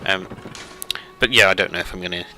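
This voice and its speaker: A man's voice: deep voice, fairly even intonation, fast, background noise. A man hosting a let's play, rambling through casual gameplay commentary with lots of fillers and self-deprecating asides.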